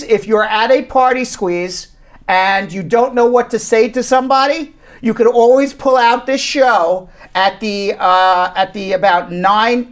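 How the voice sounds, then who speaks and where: A man co-hosting a live radio and stream show from a law office, rambling, teasing and correcting himself as he talks. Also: sits high. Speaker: immigration attorney and co-host.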